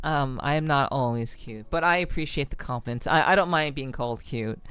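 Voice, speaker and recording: Relaxed, smooth-voiced woman streamer. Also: very deep voice, brisk, no room sound. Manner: relaxed, rambling, frequent ums and soft laughs. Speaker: VTuber streamer. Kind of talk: casual livestream chat with viewers.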